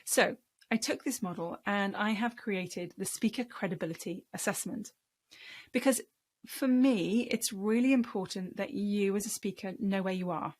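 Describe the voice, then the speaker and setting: A woman gives a speaking-tips lesson straight to camera. Her delivery is emphatic and encouraging, the voice of a coach. She sits at a medium pitch. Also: normal speed, a little mellow.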